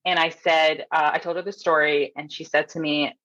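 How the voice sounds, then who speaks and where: A woman's voice: deep voice, normal speed, few pauses, lo-fi sound. A woman from Canada, a nurse coach, telling a story as a podcast guest and acting out the people in it. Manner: animated storyteller, acts out quotes, laughs often. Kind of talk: casual storytelling interview.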